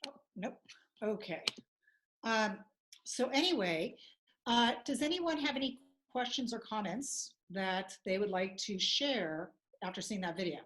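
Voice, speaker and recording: A woman in her forties, a teacher hosting a community discussion, who talks in a halting way with many restarts. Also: medium pitch, animated, a bit bright, slight background noise, low-quality recording. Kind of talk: casual panel talk.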